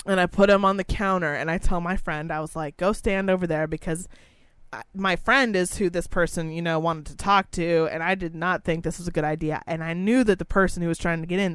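A young woman tells a story in loose, casual chat, blunt and full of swearing. Her voice is smooth and clear. It sits dry and close to the mic. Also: on the low side, dry recording. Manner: profane, blunt, animated.

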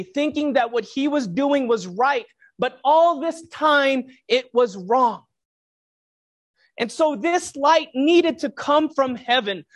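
A preacher delivering a reflective sermon, posing rhetorical questions to the listeners. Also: high-pitched.

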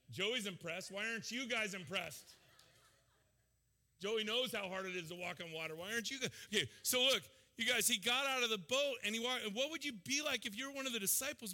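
A male pastor preaching a sermon in an animated, casual, joking way in a church hall. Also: sits high, brisk. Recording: long hall reverb.

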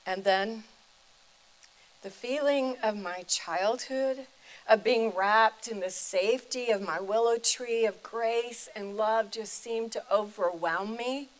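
An older woman, a retired chaplain and preacher, telling a personal faith story in a deliberate, reflective way. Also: on the high side, poor audio.

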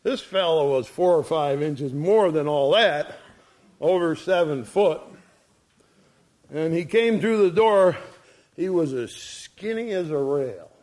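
A man's voice: on the high side, lively intonation, slow pace, a little mellow. A man preaching a sermon in a folksy storytelling way, chuckling as he goes. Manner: folksy, chuckles through his stories.

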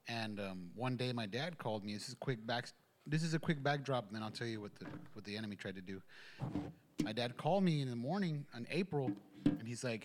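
A man's voice: medium pitch, brisk, noisy background. A man telling a personal testimony at a church gathering, rambling, with many fillers and restarts. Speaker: church member giving a testimony. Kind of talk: casual spoken testimony.

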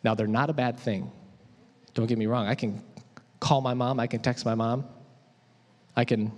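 A man preaching a sermon in a conversational, animated way, asking his audience questions. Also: mid-range voice, normal speed. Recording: echoey hall.

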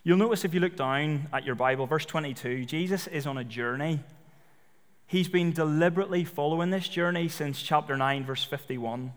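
A man's voice: fairly high pitch, moderate pace. Conversational male preacher in church. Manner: conversational storytelling with fillers. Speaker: pastor. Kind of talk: sermon. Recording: long reverb of a church hall.

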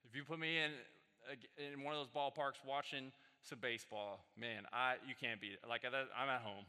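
A male pastor delivers a sermon, his tone very bright and forward. He tells stories casually, climbing into animated bursts. The sound carries a long hall reverb. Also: medium pitch, moderate pace, clean tone. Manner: conversational storytelling, animated peaks. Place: church sanctuary.

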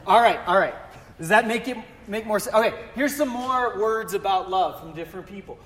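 A man's voice: sits high, a little fast, a bit bright, big-room sound. A man preaching a casual sermon as pastor in a church, chatty and joking, with self-deprecating asides. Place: church sanctuary.

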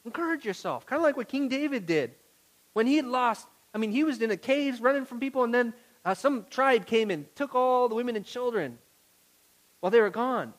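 A male pastor preaching a sermon to his congregation, moving from quiet, intimate words to loud pleading and asking the room questions. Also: very high-pitched, animated, a little fast, low-quality recording.

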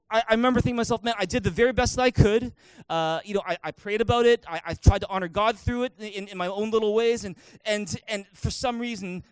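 High, quick-talking pastor telling a story. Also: male voice, smooth, no echo. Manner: animated personal storytelling with frequent restarts. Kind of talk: sermon storytelling. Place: church.

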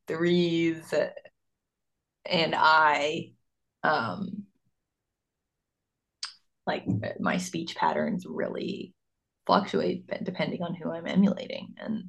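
A woman speaks slowly with a gravelly edge, feeling her way through sentences with frequent fillers. Her tone is relaxed and conversational. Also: low-pitched. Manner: hesitant, many "like" fillers, laughs easily. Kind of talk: casual conversational chat.

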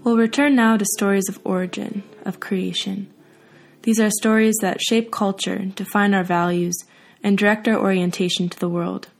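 A woman's voice: medium pitch, fairly even intonation, vocal fry. A woman host giving composed, scripted narration. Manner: measured, composed.

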